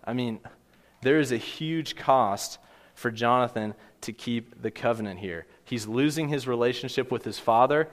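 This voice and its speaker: A man's voice: mid-range voice, normal speed, in a large hall. A man preaching a sermon in an earnest, conversational way, often restarting his sentences. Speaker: pastor.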